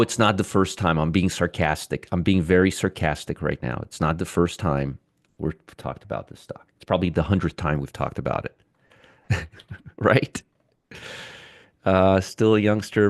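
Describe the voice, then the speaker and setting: This stock market show host, a middle-aged man, keeps up a chatty live stream where he reads viewers' comments aloud and jokes with them. He has a low, slightly mellow voice, and the studio-quality recording is dry.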